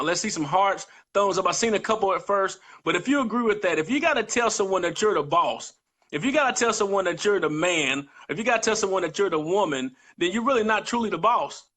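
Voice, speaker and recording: An earnest man on a live-streamed motivational chat, with a notably high voice. His tone is bright and ringing. He drives his points home by repeating phrases. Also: expressive, fairly quick. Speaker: guest co-host.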